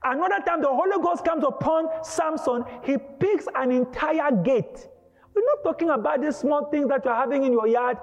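High-pitched preacher guy, dramatic sermon, shouts a lot, big hall echo. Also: moderate pace. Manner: emphatic, dramatic, bursts of shouting. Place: church hall. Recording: dull lo-fi with long hall reverb.

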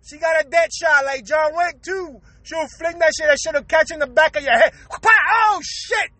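A man's voice: very high-pitched, normal speed, no echo. A man telling comic stories in a casual podcast chat, swearing freely and breaking into laughter often. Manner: profane, laughs constantly, animated and emphatic. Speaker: podcaster recalling his own episode.

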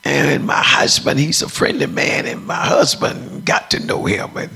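A deep-voiced woman preacher telling a testimony, acting out the dialogue as she tells it. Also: wildly swooping pitch, a little slow, vocal fry, bright, forceful tone, husky. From United States. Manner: storytelling, acts out dialogue.

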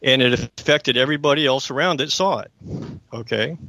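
A man's voice: mid-range voice, brisk, pushed and bright, dry recording. Male talk radio host, mid-range voice, very dry close mic, emphatic personal storyteller. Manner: earnest, emphatic, keeps checking in with listeners.

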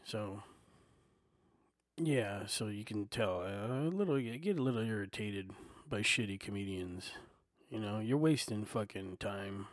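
A man hosting his own podcast from his desk, ranting heatedly and profanely, filling pauses with "you know" again and again. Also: on the low side, dry recording, clean studio sound. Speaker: podcast host. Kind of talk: casual solo podcast rant. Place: home desk. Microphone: desktop microphone and recorder.

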